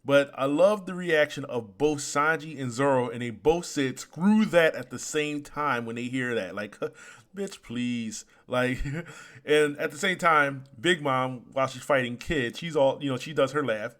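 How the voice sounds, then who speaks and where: Male reviewer, casual and animated, frequently exasperated, profane. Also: medium pitch, normal speed. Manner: animated, exasperated, swears freely. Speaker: anime chapter reviewer. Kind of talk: casual commentary.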